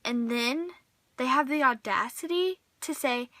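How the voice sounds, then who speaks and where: A young woman with a high, bright voice rants her way through a comic vlog, throwing herself into dramatic, exasperated little scenes. Her voice swoops up whenever she gets worked up. The sound is dry and close. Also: measured pace, no echo. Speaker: vlogger. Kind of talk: comedic vlog monologue.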